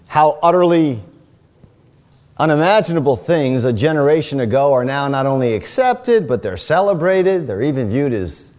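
Older male pastor preaching with a lively voice. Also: on the high side, big-room sound. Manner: emphatic, deliberate, repeats key phrases. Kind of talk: sermon.

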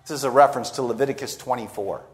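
A man preaching an expository sermon, slowing down and acting out quoted lines for emphasis. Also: mid-range voice.

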